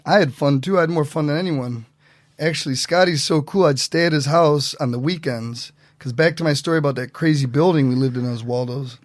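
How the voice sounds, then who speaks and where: A man telling stories as a podcast guest in a casual, animated way, acting out what other people said. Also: on the high side, fairly quick, no echo, clean studio sound. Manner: animated, acts out quotes in voices. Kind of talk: casual storytelling.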